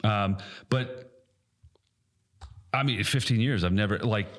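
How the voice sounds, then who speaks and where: A man in his thirties, co-hosting a casual podcast, telling an animated story, swearing often and acting out quotes loudly. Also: lowish voice, slow pace. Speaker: podcast co-host and airsoft field staff.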